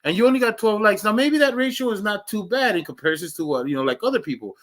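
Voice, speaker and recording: A man chatting casually to viewers on his livestream, joking and rambling, laughing often and swinging between loud outbursts and low mutters. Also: animated, quick pace. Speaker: livestream host.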